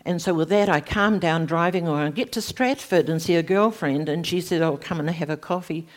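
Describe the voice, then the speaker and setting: A middle-aged woman, giving a personal faith testimony in animated storytelling, her voice leaping high at emotional moments. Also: a little fast. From New Zealand. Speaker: speaker sharing a testimony.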